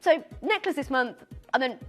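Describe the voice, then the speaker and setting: A woman presenting live on a shopping channel, excitable and giggly, often tripping over her words. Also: high voice, moderate pace, soft background music. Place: TV studio.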